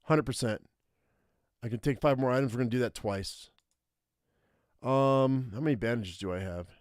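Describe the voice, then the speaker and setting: A young adult man streaming live, reading an interactive survival story aloud and thinking out loud over his choices. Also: medium pitch, moderate pace, no room sound, studio quality.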